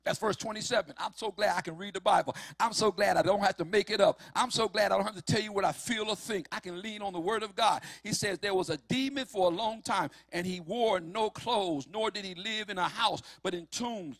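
A man preaching a sermon, emphatic and building to shouts on key lines. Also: high-pitched, brisk, hardly any pauses, no echo.

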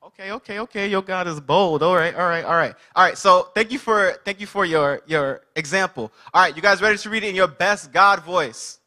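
Male preacher, higher register, sharp, bright tone, energetic congregation-prompting sermon delivery. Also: brisk, hardly any pauses. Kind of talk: interactive sermon.

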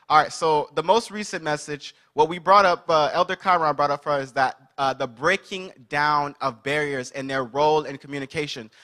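Male preacher, higher register, sharp, bright tone, energetic congregation-prompting sermon delivery. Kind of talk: interactive sermon.

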